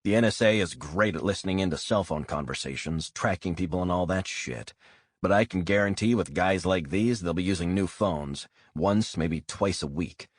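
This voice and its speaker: A male narrator voices a blunt, hot-headed male operative, forceful and profane, in a low, husky voice. The reading is close and dry, delivered at a moderate pace.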